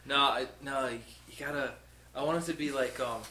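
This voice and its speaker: A young man in casual chat, playful and joking, stumbling over words when excited. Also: mid-range voice, fairly quick. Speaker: podcast co-host. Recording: echoey room with faint noise.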